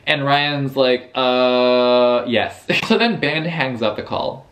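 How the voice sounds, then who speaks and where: A man's voice: a little high, expressive, measured pace, bright, forceful tone. A young man casually recapping a novel for his book vlog, sassy and profane, acting out the characters' lines. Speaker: book reviewer.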